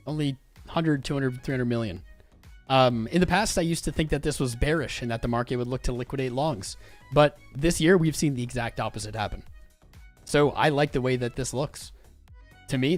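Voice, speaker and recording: A man hosting a live crypto trading stream, chatting casually and reading out viewer comments as he goes through charts. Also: medium pitch. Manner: upbeat, chatty, reads viewer comments aloud. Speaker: crypto livestream host.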